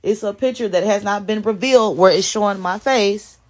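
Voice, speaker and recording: A woman's voice: mid-range voice, normal speed. A woman talking live to viewers on her phone, emphatic and repeating her phrases as she answers the chat. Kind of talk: casual live stream talk.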